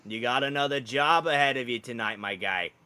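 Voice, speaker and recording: Pushy chubby meerkat merchant, a man putting him on, loud brusque street talk, a bit higher voice. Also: fairly quick, clean tone, lightly acted.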